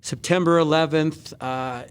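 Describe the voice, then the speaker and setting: A middle-aged man, a guest on an interview show, telling a personal story earnestly with many pauses and restarts. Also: a little high, fairly even intonation, clear, resonant tone. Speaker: guest, Olympic speed skater. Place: large indoor skating arena.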